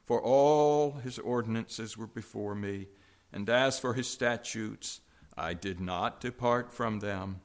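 A male preacher giving a sermon and reading scripture aloud, measured and halting, with frequent fillers. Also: fairly low pitch.

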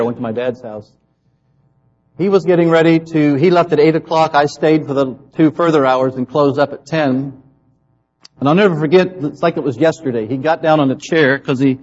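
A man's voice: medium pitch, darkish tone, slightly rough, lo-fi sound. A man preaching, telling a personal testimony and acting out the people in his story. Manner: storytelling, acts out quoted voices. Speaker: pastor.

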